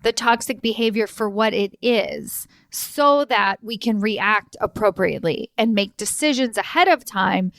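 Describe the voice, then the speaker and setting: A woman's voice: unhurried, vocal fry, few pauses, a bit bright, no room sound, clean studio sound. A woman hosting a solo podcast as a career coach, chatty and emphatic, laughing and asking "right?" often and acting out quoted voices. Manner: acts out quoted voices with pitch jumps.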